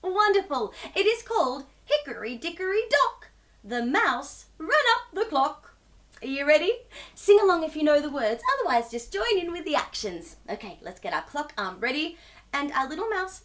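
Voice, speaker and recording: A woman's voice: sits high, very animated, normal speed, a bit bright. A young woman hosting a children's storytime, bubbly and sing-song, talking to young viewers as if they answer back.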